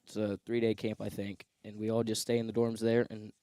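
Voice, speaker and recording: A teenage boy from Ohio, a high school wrestler answering interview questions in a plain, modest way. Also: flat delivery, fairly quick, dark tone, no room sound. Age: teens. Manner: plain, modest, matter-of-fact.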